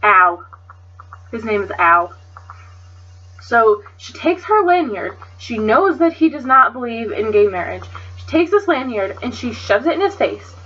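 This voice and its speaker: A woman's voice: fairly high pitch, very animated, unhurried, a bit bright, slightly rough, muffled recording. A woman vlogger telling a story as an indignant casual rant, swearing freely and chattering loosely with lots of fillers.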